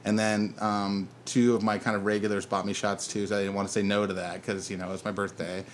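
Rambling man in his thirties, lowish voice. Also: little pitch movement, fast talker, slight background noise. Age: 30s. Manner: rambling storyteller, laughs at own stories. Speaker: podcast co-host. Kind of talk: casual chat.

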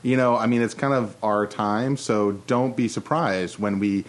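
A man's voice: on the low side, measured pace. A man co-hosting a podcast in casual chat, rambling and trailing off, laughing often. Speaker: podcast co-host.

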